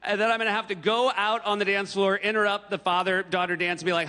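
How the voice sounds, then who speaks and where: A middle-aged American man performing a stand-up comedy set on a large stage, animated and bursting into loud, exaggerated outbursts. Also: high-pitched, fast, hardly any pauses. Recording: long hall reverb, audience noise.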